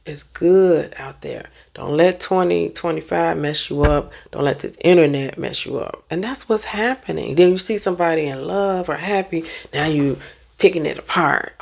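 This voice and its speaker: In a relaxed motivational vlog, a therapist and life coach from the United States responds to online commenters with lively, sermonizing advice. Her voice is deep with vocal fry, and her pace is moderate.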